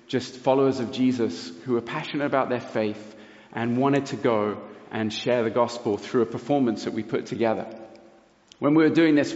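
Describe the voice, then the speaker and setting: A man gives a sermon, telling his story with earnest, lively energy. His voice sits at an ordinary middle pitch. It rings through a large, echoing hall on a dull, lo-fi recording. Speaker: preacher. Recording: roomy hall reverb, dull lo-fi sound.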